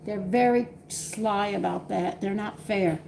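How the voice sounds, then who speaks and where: A woman's voice: mid-range voice, slow, creaky, darkish tone, a little hiss or hum. Chatty older woman venting. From Texas. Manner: chatty, exasperated storytelling with laughs. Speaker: cooking channel host chatting with live viewers. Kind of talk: casual live-stream chat. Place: home.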